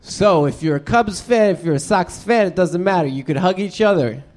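A blustery old-timer stand-up comic, played by a man, with a voice pitched on the high side. He rambles and brags about his hometown in crude, swaggering bursts. It plays as live character comedy on a stage. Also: normal speed, darkish tone, close to an everyday voice. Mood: rambling. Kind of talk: improvised character comedy interview.

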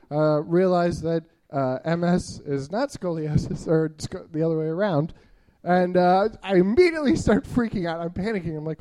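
Stand-up comic, man, early 30s, high voice, rambling and self-deprecating delivery. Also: darkish tone. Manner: rambling, self-deprecating, many filler uhs. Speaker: stand-up comedian. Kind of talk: stand-up storytelling.

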